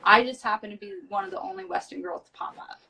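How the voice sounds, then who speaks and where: A woman's voice: a little high, big pitch swings, fast talker, vocal fry, bright, forceful tone. A tired woman from the United States, a reality show guest, chatting bluntly and swearing casually on a live stream from a small storage room. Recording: voice from far off the mic.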